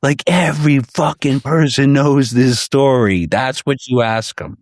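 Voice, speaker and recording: A man's voice: medium pitch, unhurried, no room sound. A man talking as a podcast guest in a loose, rambling, profane casual chat, recorded in person on a handheld recorder. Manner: rambling, profane, many restarts. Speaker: podcast guest, fellow podcast host. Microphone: handheld portable recorder.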